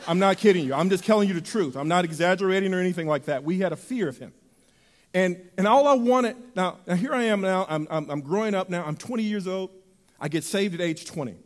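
A male preacher with a high, ringing voice delivers a fast, animated sermon, swinging between loud bursts and soft, intimate passages. His voice carries through a church hall with long reverb.

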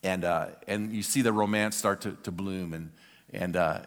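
A man's voice: low-pitched, fairly even intonation, moderate pace, long reverb tail. An older man preaching a sermon as a pastor, telling a story with energy and repeating words for emphasis.

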